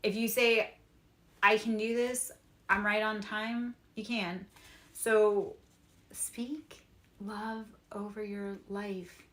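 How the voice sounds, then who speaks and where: A woman's voice: mid-range voice, flat delivery, takes it slowly, fairly bright tone, echoey room. A woman giving a live-streamed tarot reading, speaking in a repetitive, affirming, spiritually encouraging way. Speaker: tarot reader. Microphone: streaming microphone.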